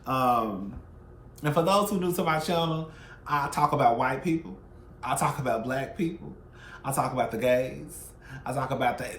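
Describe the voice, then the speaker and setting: Sassy man with a fairly high voice. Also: fairly quick, roomy sound. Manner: sassy, animated, profane, swings loud and soft. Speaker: YouTube commentary host. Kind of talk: casual celebrity gossip commentary.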